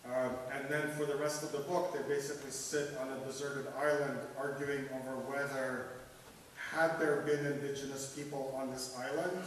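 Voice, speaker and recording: A man's voice: mid-range voice, slight background noise. Man reading poetry in an echoing hall. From Russia. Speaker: poet. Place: festival event hall. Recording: echoey hall, mic at a distance.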